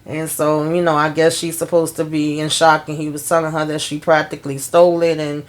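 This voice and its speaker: A woman's voice: low voice, flat delivery, brisk. A woman hosting her own channel, chatting casually through an episode recap and retelling scenes with lots of "you know" and "she's like.". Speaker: TV show reviewer and channel host.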